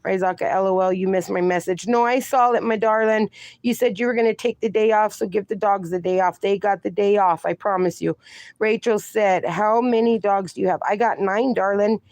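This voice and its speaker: A woman hosting a casual phone livestream at home, chatting warmly with viewers and calling them darling and honey. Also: mid-range voice, fairly even intonation, a little fast, dry recording, studio quality. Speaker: livestream host. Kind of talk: casual livestream chat, reading chat aloud.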